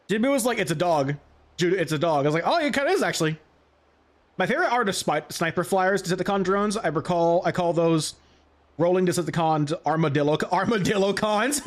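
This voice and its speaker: A man in his late twenties giving casual, rambling gameplay commentary as a let's player, often correcting himself mid-sentence. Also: a little high. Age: late 20s. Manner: rambling and chatty, self-correcting. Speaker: let's play gamer.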